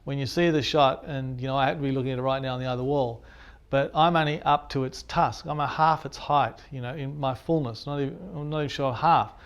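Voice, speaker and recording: A photographer telling an animated anecdote, acting out the sounds and his own reactions as he goes. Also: medium pitch, a little fast, clear, resonant tone. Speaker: landscape photographer. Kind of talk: storytelling anecdote.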